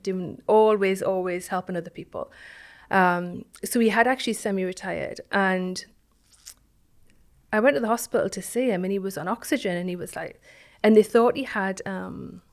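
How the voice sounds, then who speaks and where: Reflective woman, halting and soft. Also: mid-range voice. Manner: reflective, halting, with many restarts and soft trailing phrases. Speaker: guest, founder of an online business community. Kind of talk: personal storytelling in an interview.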